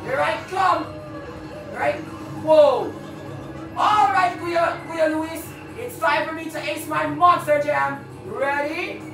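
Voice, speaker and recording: Woman yelling and cussing over a kart race, high voice, roomy far-off mic with game music playing. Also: slow. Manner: excitable, swears and yelps. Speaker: gaming channel host. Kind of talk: let's play commentary.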